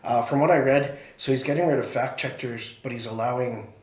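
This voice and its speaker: A man's voice: mid-range voice, a little fast, a little mellow. A man co-hosting a casual podcast chat, speaking thoughtfully and often restarting his sentences. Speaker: podcast co-host. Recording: echoey room.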